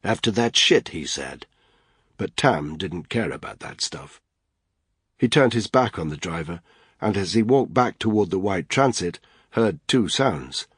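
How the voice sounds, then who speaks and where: A man narrating an audiobook thriller in steady, even storytelling. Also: deep voice, slightly rough, dry recording, studio quality.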